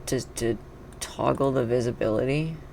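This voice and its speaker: Gravelly-voiced streamer thinking aloud. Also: mid-range voice, moderate pace, a little hiss or hum. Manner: thinks aloud, chatty, bursts into excited cheering. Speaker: live streamer. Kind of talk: casual live-stream chat while playing. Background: faint background music and keyboard typing.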